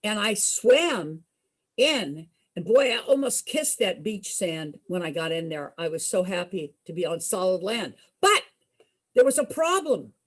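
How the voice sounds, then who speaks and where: A woman's voice: mid-range voice, measured pace. A middle-aged woman entertainer telling a personal story to a group, acting out the voices she quotes. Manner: animated, acts out quoted voices. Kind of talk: storytelling to an audience.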